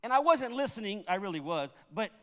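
Pastor guy from puerto rico, high voice, preaching a story, hall echo. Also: fairly quick, slight background noise. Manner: animated, acts out the people in his story. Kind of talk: sermon storytelling. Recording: long hall reverb.

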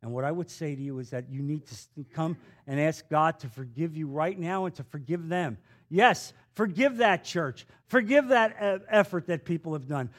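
A man's voice: fairly high pitch, lively intonation, moderate pace. A male pastor preaching a sermon, reading scripture and adding folksy, conversational asides.

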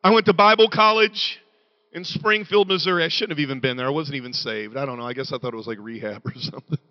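A middle-aged man preaching a sermon in a church, moving between quiet confession and loud shouting. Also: mid-range voice, quick pace, muffled recording.

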